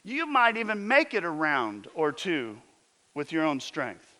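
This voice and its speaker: A man's voice: a little high, huge pitch swings, measured pace, pushed and bright. A man preaching a sermon as a pastor, telling stories and asking emphatic rhetorical questions.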